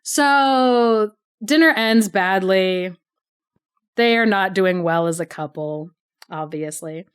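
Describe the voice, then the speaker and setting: A woman's voice: mid-range voice, slow, clear, resonant tone. A woman co-hosting a podcast, casually retelling a story with lots of "like" and frequent laughter. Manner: chatty, laughs often, heavy use of "like". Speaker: podcast co-host.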